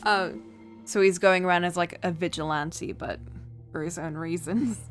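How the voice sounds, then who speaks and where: A woman streamer making casual, quick asides while reading a game aloud. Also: fairly low pitch, faint music behind. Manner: laughing asides, quick quiet reactions.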